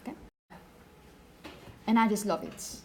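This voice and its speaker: A woman teaching a class, talking through examples at an even pitch and stopping to ask the students questions. Faint noise hangs behind her in the classroom. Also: a little slow, rough recording. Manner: explanatory, asks the class questions. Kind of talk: classroom lecture.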